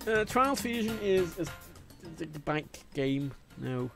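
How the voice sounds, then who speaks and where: Lively rambling young English man. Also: a little high. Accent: English with a faint Liverpool twinge. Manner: rambling, swears freely, jumps between topics. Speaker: livestreamer. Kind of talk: casual gaming livestream chat. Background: faint game music.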